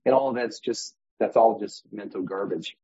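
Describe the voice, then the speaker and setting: Husky-voiced man explaining animatedly. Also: lowish voice, normal speed, warm tone, no echo. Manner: demonstrative, acts out inner voices, uses props as metaphors. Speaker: guest real estate agent. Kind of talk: animated podcast conversation. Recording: dull muffled podcast audio.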